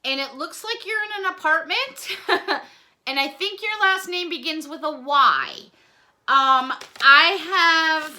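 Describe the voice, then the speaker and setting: A woman vlogger chatting to camera as she opens fan mail, warm-hearted, apologetic and close to tears, with little laughs. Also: sits high, slight background noise. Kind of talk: casual chat to camera.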